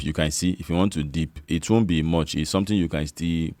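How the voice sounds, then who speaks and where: Very deep-voiced Nigerian man explaining. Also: steady tone, brisk, few pauses, darkish tone, no room sound, clean studio sound. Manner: chatty, repeats "you understand?", coaxing. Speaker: investment channel host. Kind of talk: casual screen-share finance tutorial.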